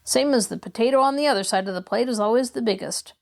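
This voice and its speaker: A woman's voice: fairly high pitch, fast talker, vocal fry. A woman reading a storybook aloud, voicing a proud, plainspoken orphan boy with a folksy drawl. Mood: earnest.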